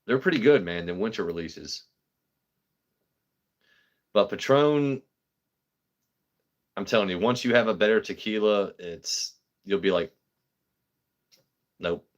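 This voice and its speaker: A man's voice: fairly low pitch, takes it slowly, long pauses, lo-fi sound. A man hosting a livestream in casual, rambling chat, swearing freely as he talks. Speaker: livestream host.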